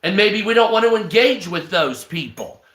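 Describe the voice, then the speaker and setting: A man's voice: sits high, animated, normal speed, a bit bright. A man on a livestream, delivering a crude, heavily profane rant and thanking viewers mid-sentence. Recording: echoey room.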